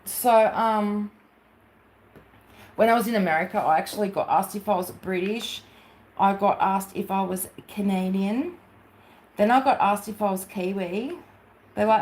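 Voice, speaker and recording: A woman's voice: mid-range voice, a little slow, pauses often, a little mellow. A woman with an Australian accent who hosts a crafting livestream and chats casually to viewers, rambling through asides with many fillers.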